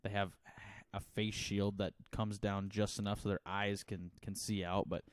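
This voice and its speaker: Low-voiced man rambling casually on a podcast. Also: level tone, moderate pace, dry recording. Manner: rambling, laughs often, slips into mock accents. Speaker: podcast co-host.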